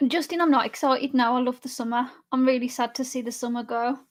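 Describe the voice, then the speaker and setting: A woman's voice: high voice, fairly even intonation, fast. A young woman live streamer chatting casually with her chat and laughing often while she drinks. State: drinking alcohol.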